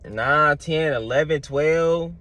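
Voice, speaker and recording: A man's voice: fairly high pitch, takes it slowly, bright, forceful tone, no echo. A young man, telling stories in a loose, slangy vlog monologue full of fillers. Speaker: vlogger. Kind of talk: casual storytelling monologue.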